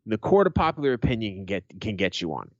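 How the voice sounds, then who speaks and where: A middle-aged man with a low voice that swings widely in pitch tells profane stories in an easy, joking way. He is dry and close, with the slightly muffled sound of a lo-fi podcast recording. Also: very animated, fast talker, no echo. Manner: profane, blunt joking storyteller. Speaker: podcast host. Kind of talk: casual chat.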